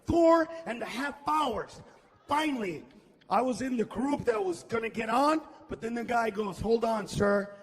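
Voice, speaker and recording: A man doing a loud stand-up comedy set on stage, shouting his punchlines and slipping Spanish words into his English. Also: very high-pitched, lively intonation, normal speed, slightly rough, long reverb tail. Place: comedy stage before a live audience.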